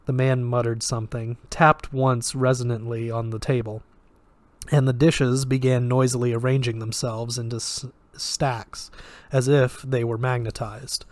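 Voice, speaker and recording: A man's voice: mid-range voice, level tone, measured pace, dry recording. Man reading a novel aloud, dry sound. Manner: plain reading with occasional slips and self-corrections. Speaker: audiobook reader.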